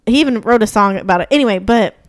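A woman's voice: fairly high pitch, very fast, no echo. Young woman chatting on a podcast, rambly stories w/ lots of um and like, laughs a lot, dry mic. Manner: chatty storyteller, laughs often, filler-heavy. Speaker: podcast co-host. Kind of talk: casual chat.

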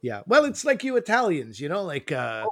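A man's voice: fairly high pitch, normal speed, crowd noise. A man co-hosting a podcast, chatting casually and telling rambling, teasing stories. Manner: rambling, teasing, animated storytelling. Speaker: podcast co-host. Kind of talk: casual chat.

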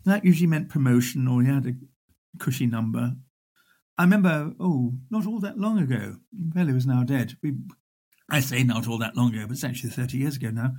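Husky older male raconteur. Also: mid-range voice, fairly quick. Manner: animated raconteur, acts out voices. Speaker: historian guest. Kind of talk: storytelling interview.

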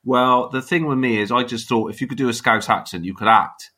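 A Bristolian man in his fifties, a blunt and chatty interview guest, laughs and swears easily in casual conversation. His medium-pitched voice is sharp and a little fast.

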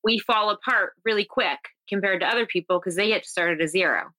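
A woman's voice: medium pitch, fast talker, sharp tone. A woman chatting casually as a podcast guest, talking freely and laughing often.

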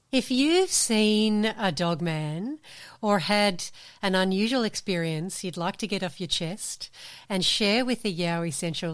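A woman's voice: mid-range voice, a bit bright, smooth, dry recording, studio quality. An Australian woman hosting a podcast, chatting casually and laughing often. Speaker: podcast host. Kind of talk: casual chat.

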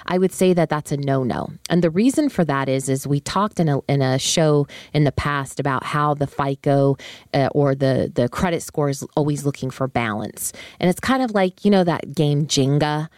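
A woman's voice: sits low, darkish tone, no room sound, studio quality. A woman hosting a solo finance podcast, explaining credit casually and conversationally with frequent fillers and asides. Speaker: podcast host on personal finance.

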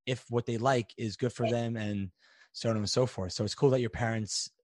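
A man hosts a podcast interview and muses thoughtfully before each question. His voice sits at a middle pitch. The recording is dry and close, with no room sound. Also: steady tone, normal speed, darkish tone, dry recording. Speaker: podcast host. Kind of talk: interview conversation.

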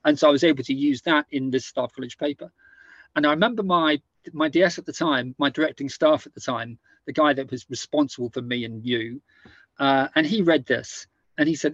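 A man's voice: on the high side, a little fast, fairly bright tone, no room sound. A man speaking as a guest author in an interview, hesitant and full of restarts. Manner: hesitant, many restarts and fillers. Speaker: guest, author and former army officer. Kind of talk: conversational interview. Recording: dull, dry, lo-fi sound.

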